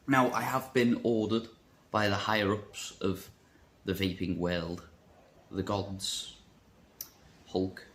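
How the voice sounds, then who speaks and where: A man's voice: lowish voice, slight background noise. A man chatting casually in a vape shop vlog, rambling and joking about himself. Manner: rambling, jokey, self-mocking. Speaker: vape shop worker and vlogger.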